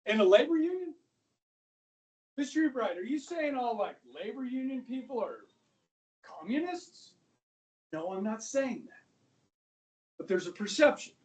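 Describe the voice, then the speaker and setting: Male teacher, lively classroom lecture, high voice, heard from across the room. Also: a little slow, pauses often, recorded from a distance. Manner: animated, talks straight to students, drops to a whisper for asides. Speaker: high school history teacher.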